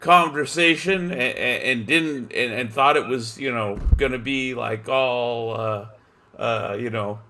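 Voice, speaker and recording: A man's voice: medium pitch, measured pace, bright, forceful tone. A man joining a livestream as a guest, rambling and stumbling over his words. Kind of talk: casual livestream chat.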